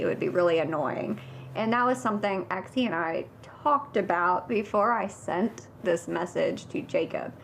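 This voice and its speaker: A woman's voice: mid-range voice, slight background noise. A woman talking casually through her game strategy in a confessional, with many fillers. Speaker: reality game contestant.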